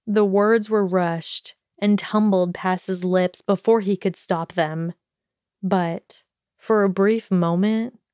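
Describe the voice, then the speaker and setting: A woman narrating a fan fiction audiobook with a slow, measured reading. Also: mid-range voice, darkish tone, smooth, no echo, studio quality.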